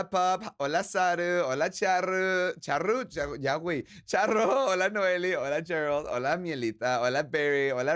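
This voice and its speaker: A man's voice: fairly high pitch, a bit bright. A slightly drunk man streaming and chatting casually with his audience, joking loosely and swearing, with Spanish words thrown in. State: a little drunk. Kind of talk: casual drunk stream chat reading chat aloud.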